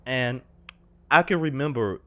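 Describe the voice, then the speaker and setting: A man's voice: mid-range voice, a little slow, fairly bright tone. A young man telling a personal story over gameplay, earnest and confessional, slangy and rambling. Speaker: gaming vlogger.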